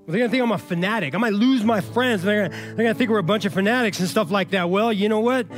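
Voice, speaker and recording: A high-pitched man preaching a sermon in an emphatic, conversational way. He keeps checking in with the congregation through casual asides, and faint music plays behind him. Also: quick pace. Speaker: pastor.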